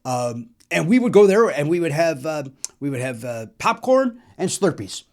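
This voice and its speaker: A middle-aged man from Chicago hosts a comedy podcast, talking through old songs with quick, self-deprecating jokes. His voice sits a little high for a man. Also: very animated. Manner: chatty, self-deprecating, sings snatches of songs. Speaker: podcast host. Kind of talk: casual comedic storytelling about records.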